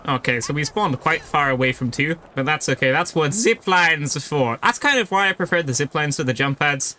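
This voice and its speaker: A man's voice: fairly high pitch, animated, brisk, pushed and bright, slight background noise. A young man giving casual live commentary while playing a video game, explaining his choices as he goes. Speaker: gaming YouTuber.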